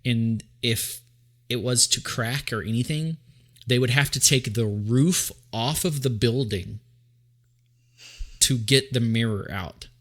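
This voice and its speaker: A man's voice: mid-range voice, slow pace. A man from Tennessee hosting a casual podcast, playful and talkative, often restarting his sentences. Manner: playful, trails off and restarts, breaks into sung jingles. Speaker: podcast host. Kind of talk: casual chat.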